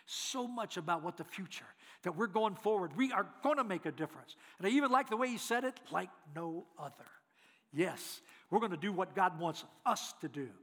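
Guy preaching a sermon w folksy stories, kinda high voice, echoey church hall. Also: a little fast, hardly any pauses. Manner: folksy, animated, acts out voices in his stories. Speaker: guest preacher. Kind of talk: storytelling sermon.

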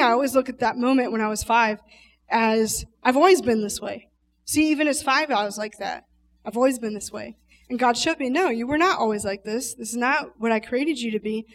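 A woman's voice: a little high, recorded from a distance. A woman telling an emotional personal testimony, earnest and emphatic, speaking straight to the audience.

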